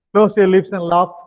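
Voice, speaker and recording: An older man with a Tamil accent leading a stress management lecture, tagging phrases with "now" and pausing on hesitant fillers. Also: fairly high pitch. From India. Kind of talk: lecture with guided exercises. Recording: dull sound with long hall reverb.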